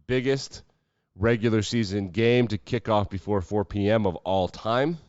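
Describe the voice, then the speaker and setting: A man's voice: fairly low pitch, unhurried, a little mellow, clean tone, no room sound, dull audio. A man hosting a sports podcast, talking casually with sarcastic, profane asides. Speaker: podcast host.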